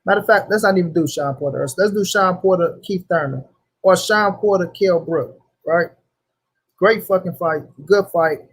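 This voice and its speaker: A man's voice: high-pitched, normal speed, slightly rough. A young man hosting a casual livestream, talking loosely in slang and greeting viewers by name. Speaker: livestream host.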